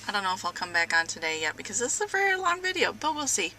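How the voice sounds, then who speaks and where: In her bedroom at home, a woman records a casual video diary about her day, speaking rapid-fire in a mid-range voice with big pitch swings over background noise. She's chatty and candid, going sing-song when she talks to her cat.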